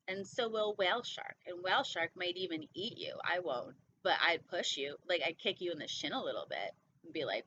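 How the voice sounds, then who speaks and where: A woman's voice: fairly low pitch, lively intonation, fairly quick, bright, forceful tone. A young woman hosting storytime, reading a children's picture book aloud with playful, chatty asides. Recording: dull lo-fi sound with faint noise.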